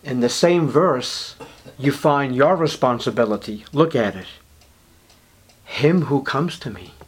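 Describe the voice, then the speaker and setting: A man delivers an evangelical sermon in a husky, unhurried voice. He swings between low murmurs and high, emphatic declarations, drawing out words for emphasis.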